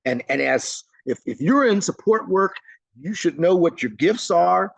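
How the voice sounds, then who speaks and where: An American man leading a live training webinar, talking in a conversational, energetic way and acting out little scenes. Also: sits high, unhurried, creaky, dry recording.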